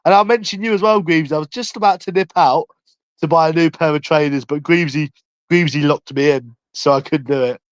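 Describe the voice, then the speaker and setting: A man's voice: on the high side, a little fast, no room sound, low-quality recording. A man with a London accent, chatting casually on a live stream from a room at home, brash and rambling with heavy swearing.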